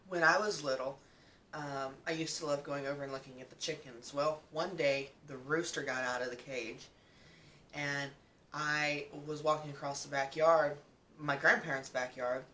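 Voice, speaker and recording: A young woman with a bright, forward voice chats casually while eating, filling pauses with um and like. She sits a little back from the mic, with a faint rumble in the room. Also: far from the mic. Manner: chatty, lots of fillers like um and like. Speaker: mukbang vlogger.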